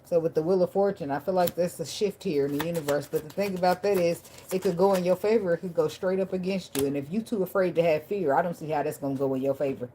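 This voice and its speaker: A woman's voice: lowish voice, fast, few pauses, warm tone, slight background noise, rough recording. A woman giving a casual tarot reading to her viewers, blunt, profane and preachy, laughing at times and thanking viewers by name. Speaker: tarot reader.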